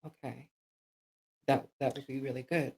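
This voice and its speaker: A man playing a character in a tabletop game, speaking hesitantly and haltingly. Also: medium pitch, fairly even intonation, vocal fry, darkish tone, low-quality recording. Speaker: player.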